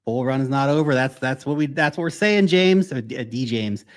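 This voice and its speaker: An American man in his thirties hosts a casual crypto livestream, reading out and answering viewer questions. He talks bluntly and swears freely, driving his points home with emphasis. His voice sits at an ordinary middle pitch for a man. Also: a little fast. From United States.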